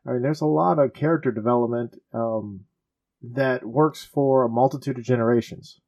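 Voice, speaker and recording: A man's voice: medium pitch, normal speed, creaky, darkish tone. Earnest man talking in casual chat. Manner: earnest, hesitant with fillers.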